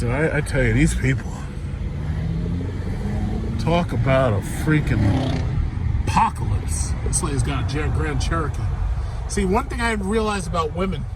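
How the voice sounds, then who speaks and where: A man vlogging from his car in traffic, ranting sarcastically and swearing about drivers and politics. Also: a little high. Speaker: vlogger commenting while driving. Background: faint traffic noise.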